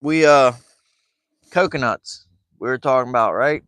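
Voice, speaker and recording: A man's voice: mid-range voice, unhurried, a bit bright, no room sound. A man telling a rambling story to camera while fishing from a boat. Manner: rambling, chatty, laughs through his story. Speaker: fishing vlogger.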